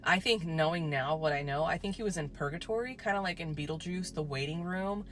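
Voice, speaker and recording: Woman, casual storytime, chatty and swearing, fairly low voice, soft music behind. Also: fairly quick. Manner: chatty, swears, heavy use of "like".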